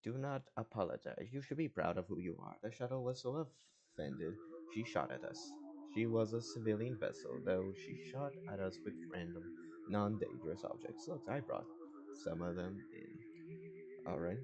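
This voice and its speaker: A man's voice: fairly low pitch, wildly swooping pitch, moderate pace, creaky, crowd noise. A man reading the game's text aloud as he plays, stumbling and restarting over words. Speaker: gamer. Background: game music.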